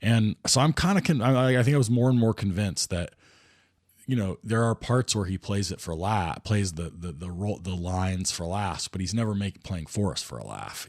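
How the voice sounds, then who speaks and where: A man's voice: sits low, dry recording, clean studio sound. A man hosting a casual movie podcast, thinking aloud and rambling with many restarts and fillers. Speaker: podcast host.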